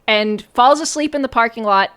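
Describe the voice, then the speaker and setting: A woman's voice: a little high, normal speed, fairly bright tone, clear, resonant tone. A woman streamer giving a casual, sarcastic and profane recap of a film, often breaking into giggles.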